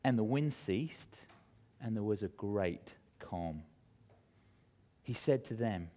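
A man preaching a sermon, reading scripture and telling a self-mocking story with animated humor. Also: on the low side, takes it slowly, pauses often. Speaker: pastor.

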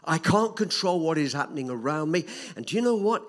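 An older man preaching a sermon, swinging between loud emphatic repetition and soft hushed drops. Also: a little high, expressive, a little fast.

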